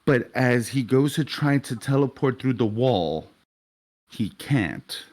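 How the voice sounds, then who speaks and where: A young man runs a tabletop game, painting each scene in loose, casual narration. He talks at an everyday pitch and drops curses freely as the action builds. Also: animated, slow pace, a little mellow. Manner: vivid, casual narration with swearing. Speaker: game master.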